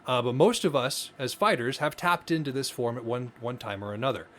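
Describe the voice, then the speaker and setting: A man's voice: mid-range voice, brisk, fairly bright tone. A man co-hosting a podcast, explaining ideas earnestly in casual conversation, often restarting his phrases. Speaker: podcast co-host.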